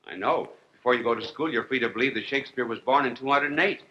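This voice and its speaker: A priest delivering a humorous televised lecture, wry and deliberate, with dry jokes and long pauses. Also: male voice, medium pitch, lo-fi sound, a little hiss or hum. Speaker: priest and TV host.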